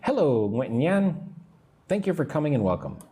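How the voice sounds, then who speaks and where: A man's voice: a little high, sing-song, mellow, slight background noise. A man teaching English in a live online lesson, explaining grammar step by step and answering viewer comments. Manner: drawn-out, patient teacher delivery.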